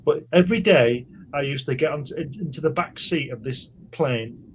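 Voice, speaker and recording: A man's voice: fairly high pitch, moderate pace, a little hiss or hum. Rambling male podcast host. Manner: rambling, repeats words, laughs often. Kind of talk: casual storytelling chat.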